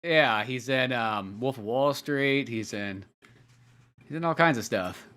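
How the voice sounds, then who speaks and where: A man's voice: medium pitch, a little slow, a bit bright. A young adult man co-hosting a podcast, casually chatting about a film with loose, profane banter. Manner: loose, profane banter with laughs and quoted asides. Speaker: podcast co-host.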